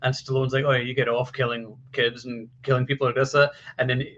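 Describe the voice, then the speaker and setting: A man co-hosting a casual film discussion, recounting scenes in an animated way and padding them with fillers like "uh" and "like". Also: mid-range voice, fairly quick, a little hiss or hum. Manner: animated storyteller, hedging fillers like "uh" and "like". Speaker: podcast co-host. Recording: dull lo-fi audio.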